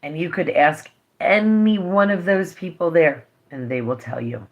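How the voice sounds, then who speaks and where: A woman speaking to her viewers in an earnest, impassioned vlog update. Her voice carries a gravelly, creaky edge, and she sounds emotional, as if holding back tears. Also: sits low, unhurried. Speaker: vlogger. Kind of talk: direct-to-camera vlog update.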